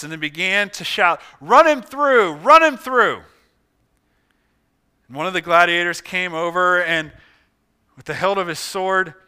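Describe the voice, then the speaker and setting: A male pastor preaching a sermon, telling a story dramatically and swinging from hushed tones to loud ones. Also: a little high, clear, resonant tone.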